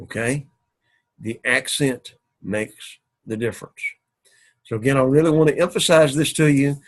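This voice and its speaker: A man giving a recorded classroom lecture as a Greek teacher, explaining slowly and repeating points methodically. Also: mid-range voice.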